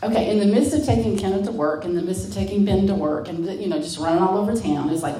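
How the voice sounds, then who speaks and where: A middle-aged woman sharing a spiritual testimony as a guest. She tells it as an animated story, acts out her own past words and speaks straight to her listeners. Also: medium pitch, quick pace, hardly any pauses. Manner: talks straight to listeners as "y'all". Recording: roomy sound from a distant mic.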